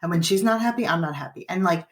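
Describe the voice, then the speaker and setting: Her lowish voice is expressive and quick as she coaches parents during a podcast chat. She explains things earnestly and acts out how a parent and child might talk. The mic seems far away, giving the sound a roomy quality.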